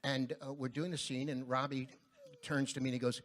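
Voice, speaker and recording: A man with an average voice sharing memories on a convention panel. He talks in a relaxed, fond way, pausing with small ums. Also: mid-range voice. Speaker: cast member at a reunion panel. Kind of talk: reminiscing on a panel.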